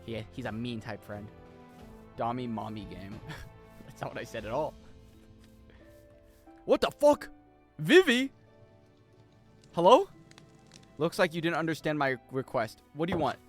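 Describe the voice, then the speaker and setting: A young man giving casual, jokey commentary as he plays a video game, swearing and breaking into loud high-pitched yells. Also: fairly quick, soft background music. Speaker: streamer.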